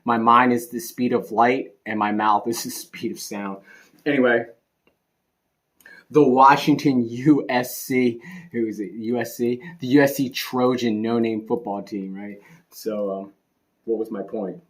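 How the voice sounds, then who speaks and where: A man's voice: medium pitch, unhurried. Rambling, sarcastic man ranting. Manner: rambling, laughing, animated swings in loudness. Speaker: sports commentary vlogger. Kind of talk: casual rant.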